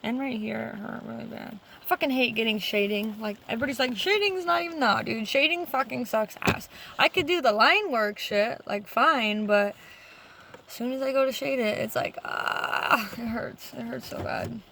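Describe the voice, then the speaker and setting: A young adult woman vlogging casually to camera, rambling through a story with heavy profanity and animated retelling. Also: a little high, normal speed, vocal fry, noisy background.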